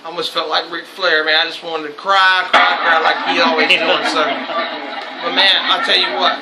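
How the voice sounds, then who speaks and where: Brief: young male host, high gravelly voice, swears and laughs freely. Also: flat delivery, moderate pace, over a noisy crowd, heavy background noise. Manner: loose, swearing, laughs often. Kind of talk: casual chat. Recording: echoey room.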